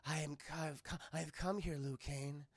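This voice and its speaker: A man doing a sultry low-voiced warrior woman. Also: steady tone, no echo. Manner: slow, low, hushed purring delivery. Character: seductive mysterious female warrior, cool and sultry.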